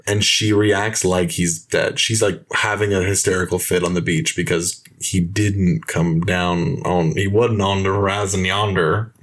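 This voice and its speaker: A young man hosting a film podcast, casually and mockingly retelling movie scenes with animated play-acting. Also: sits low, a little slow, hardly any pauses. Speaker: podcast host.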